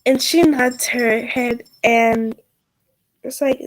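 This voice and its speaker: A woman narrating as game master of a tabletop role-playing game, halting and full of fillers. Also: on the high side, steady tone, slight background noise, rough recording.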